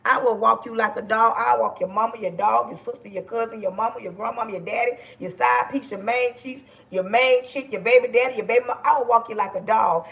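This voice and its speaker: Loud, passionate woman livestream host, gravelly. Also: fairly high pitch, fast, hardly any pauses, lo-fi sound. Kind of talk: casual livestream talk to viewers.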